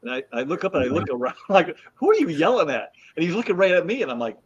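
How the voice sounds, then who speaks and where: A man's voice: a little high, very fast, slightly rough. A middle-aged man hosting a casual chat, telling stories with lots of laughter and mimicking other people's voices. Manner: animated storyteller, mimics voices. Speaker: host. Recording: dull lo-fi audio.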